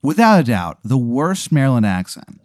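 A man's voice: mid-range voice, sing-song, normal speed, darkish tone, dry recording. Rambling, profane man telling a tale. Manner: rambling, profane, lots of fillers. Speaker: comedy podcast host. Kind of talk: improvised storytelling.

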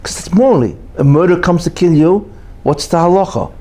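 A man's voice: sits high, fairly quick, warm tone. A man giving an opinionated monologue as a commentator, emphatic and full of rhetorical questions and repeated "you know".

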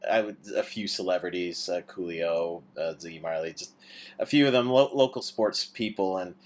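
A man's voice: deep voice, moderate pace. A man hosting a podcast, rambling casually with many hesitations and restarts. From Canada. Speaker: podcast host. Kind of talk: casual chat.

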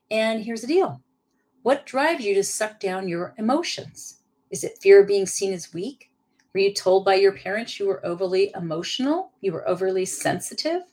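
A middle-aged woman hosting a motivational coaching podcast, talking candidly and emphatically to her listeners. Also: mid-range voice. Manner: candid and emphatic, with casual swearing. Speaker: podcast host and leadership coach.

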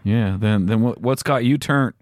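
A man making a prank call who asks casual questions in a deadpan way. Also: medium pitch, normal speed, a little hiss or hum. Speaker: prank caller.

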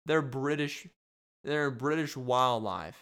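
A man's voice: medium pitch, slow pace, a bit bright, clear, resonant tone. A young man hosting a casual solo podcast, rambling and joking, laughing at his own bits. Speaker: podcast host.

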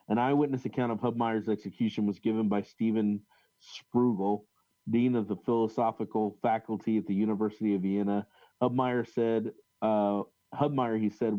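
Speaking in a lowish voice on a dry recording with the high frequencies cut off, the man co-hosts a relaxed podcast on religious history. His delivery is halting and full of fillers and restarts as he reads old accounts out loud.

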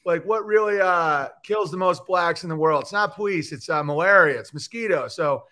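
A man, a comedian guest on a podcast, ranting in a profane, animated way and slipping into mocking voices. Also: a little high, normal speed. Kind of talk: animated podcast chat with comic bits.

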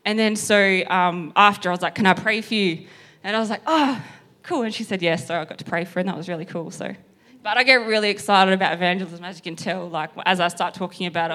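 A woman telling an animated story, laughing often and jumping up high when she quotes people. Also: fast. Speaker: personal trainer sharing a testimony.

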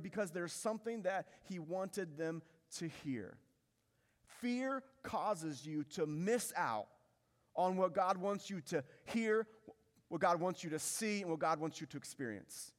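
Male pastor, high voice, sermon, repetitive emphatic preaching, long hall reverb. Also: moderate pace. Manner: preaching with repetition and rising intensity.

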